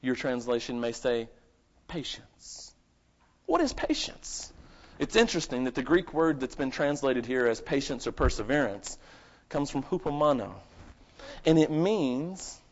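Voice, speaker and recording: A man preaching a live sermon at a church service, swinging between loud emphatic bursts and quiet asides and asking the congregation questions. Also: medium pitch, unhurried, long pauses. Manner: asks the congregation rhetorical questions. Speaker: pastor. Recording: lo-fi dull recording.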